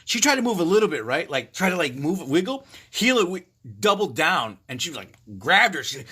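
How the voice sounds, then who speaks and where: A man in his fifties chatting casually on a livestream, telling stories in a profane, animated way with frequent laughs. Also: high-pitched, fairly quick, few pauses, slight background noise. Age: 50s. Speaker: livestream host. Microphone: phone.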